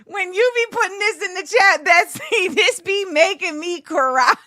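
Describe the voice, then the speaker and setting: A woman hosting a casual livestream, greeting her viewers in an animated, hyped-up way. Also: very high-pitched, measured pace, slight background noise. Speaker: host.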